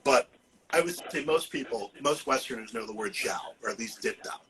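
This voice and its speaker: A man's voice: mid-range voice, expressive, a little fast, fairly bright tone, poor audio. Chatty New herbalist man. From Massachusetts, USA. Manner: chatty, joking, fills with "you know". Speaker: herbalist and acupuncturist guest. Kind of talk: casual podcast chat.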